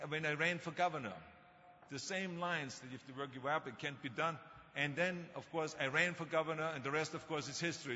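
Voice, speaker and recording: A man in his sixties with a German accent delivers a commencement speech full of jokes and anecdotes, stressing his points firmly. His voice is bright and sits somewhat high for a man. It echoes through a long reverberant hall on slightly dull, lo-fi sound. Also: slight background noise. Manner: anecdotal, joking, emphatic. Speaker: commencement speaker.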